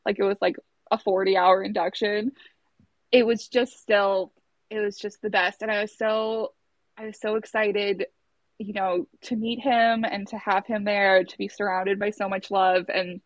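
A woman's voice: mid-range voice, fairly even intonation, unhurried, no echo, dull audio. A young adult woman, a labor and delivery nurse, casually telling her birth story in a chatty way. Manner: chatty, acts out quotes in a raised voice.

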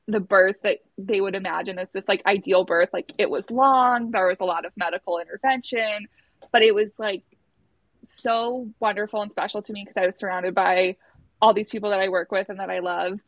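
A woman's voice: mid-range voice, steady tone, brisk, dry recording, dull audio. A young adult woman, a labor and delivery nurse, casually telling her birth story in a chatty way. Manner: chatty, acts out quotes in a raised voice.

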